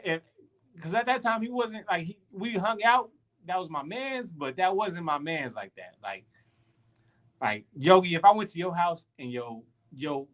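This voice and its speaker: A man telling a story in a loose, slangy way during a casual podcast chat, with many restarts. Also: a little high. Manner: animated, slangy, full of restarts. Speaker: podcast co-host.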